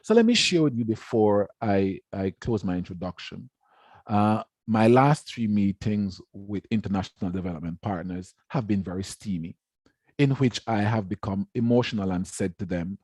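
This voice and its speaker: A man's voice: fairly low pitch, lively intonation, moderate pace, darkish tone, no room sound, studio quality. A man giving a formal lecture on education, speaking emphatically and repeating words to stress his points. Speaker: education researcher giving a talk.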